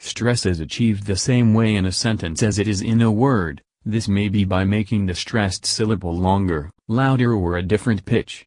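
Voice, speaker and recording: A man explaining English sentence stress in a recorded lesson, slowing to stress his example words. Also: fairly low pitch, a little mellow, dry recording, studio quality. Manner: slow, deliberate word-by-word emphasis on examples. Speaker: English teacher.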